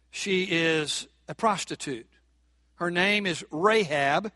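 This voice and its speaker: A man's voice: sits high, pushed and bright, no echo, studio quality. A man preaching a Sunday sermon as pastor, speaking with rising emphasis and asking the congregation rhetorical questions.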